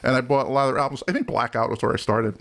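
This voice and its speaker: A man's voice: medium pitch, fairly even intonation, rapid-fire, fairly bright tone. A middle-aged man hosting a casual podcast chat, joking around and laughing easily. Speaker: podcast host.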